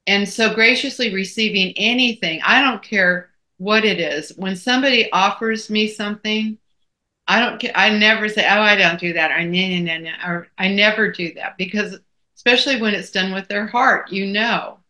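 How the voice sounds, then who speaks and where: A woman's voice: medium pitch, moderate pace, sharp tone. A middle-aged woman co-hosting a casual chat, telling folksy stories. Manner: folksy storytelling. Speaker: co-host.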